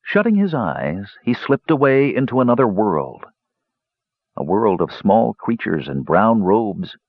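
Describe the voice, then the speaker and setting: A man narrating a fantasy audiobook in an expressive, dramatic reading. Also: fairly low pitch, a little slow, husky, no room sound, dull audio.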